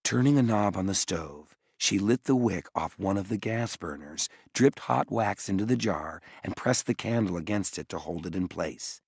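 A man reading an audiobook in expressive scripted narration, close to the mic. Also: sits low, normal speed, creaky, hardly any pauses, slightly rough, dry recording. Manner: expressive storytelling.

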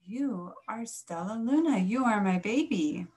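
A woman reading a picture book aloud, voicing a tender, protective mother bat in a gentle, reassuring way. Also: medium pitch, expressive, normal speed, lightly acted.

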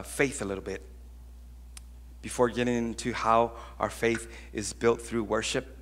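A man preaching a sermon as pastor, telling stories in an animated, conversational way with acted-out voices. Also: mid-range voice. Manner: conversational, with frequent restarts.

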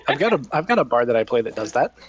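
A man's voice: mid-range voice, big pitch swings, very fast, breathy edge. A man playing a tabletop game, chatting in an easygoing way. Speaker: player. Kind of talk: casual chat at a tabletop game.

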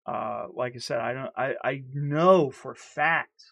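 A man's voice: mid-range voice, unhurried, vocal fry, fairly bright tone. A man in a candid personal vlog, talking earnestly and heatedly, stuttering and repeating himself. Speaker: vlogger.

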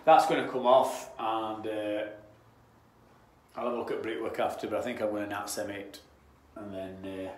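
A man's voice: lowish voice, flat delivery, moderate pace, reverberant. A man from Yorkshire with a Yorkshire accent, a damp-proofing tradesman talking casually on site, rambling, restarting phrases and drifting off on tangents. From Yorkshire, England.

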